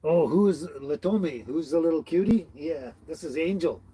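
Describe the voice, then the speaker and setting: His voice is fairly high and warm, with lively intonation and a normal speed, and a slight hiss or hum sits in the recording. The man is hosting a casual livestream from a tiny house on wheels, welcoming viewers, reading comments, laughing often and tripping over names.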